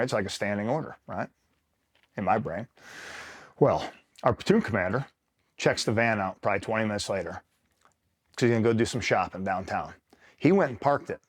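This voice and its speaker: A man from upstate New York, a retired Marine, telling a rambling war-buddy story in a casual, profane way and checking in with the listener often. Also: medium pitch. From upstate New York, USA. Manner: rambling, swears freely, keeps checking in with the listener. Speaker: retired Marine, interview guest.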